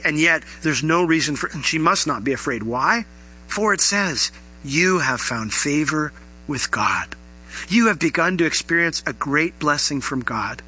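A man's voice: a little high, pushed and bright, breathy edge, poor audio. A man preaching a sermon to his congregation in an earnest, conversational way, asking the listeners rhetorical questions. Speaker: pastor.

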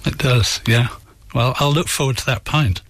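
A man, an author, telling a story as a guest on a radio interview, in a measured, thoughtful way. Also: medium pitch, fairly bright tone, dry recording. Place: near where England and Scotland meet.

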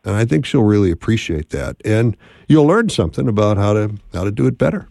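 Upbeat radio host, dry studio sound. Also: male voice, lowish voice, big pitch swings, fast talker, creaky, mellow, dry recording. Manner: upbeat, encouraging, conversational. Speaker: radio call-in show host. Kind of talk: call-in radio advice.

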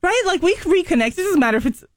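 A woman's voice: very high-pitched, expressive, fast talker, no room sound. A woman co-hosting a radio show, chatting casually in a giggly, self-deprecating way. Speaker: radio co-host. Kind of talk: casual morning radio banter.

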